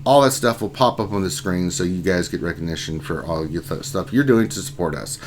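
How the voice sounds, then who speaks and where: A man's voice: low voice, a little fast, slight background noise. A man hosting a casual livestream, reading out chat names and greeting viewers one by one. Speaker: livestream host.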